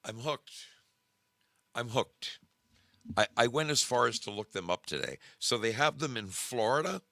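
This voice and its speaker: A man hosting a casual livestream, animated and emphatic, often repeating himself. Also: mid-range voice, a little slow, gravelly, no room sound, studio quality. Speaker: show host.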